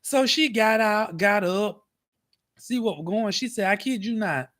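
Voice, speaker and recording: A man telling a story in a casual vlog, animated and dramatic, acting out the scene. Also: sits high, a little slow. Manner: animated, dramatic, acts out scenes with cries and shouts. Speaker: vlogger. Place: parked car.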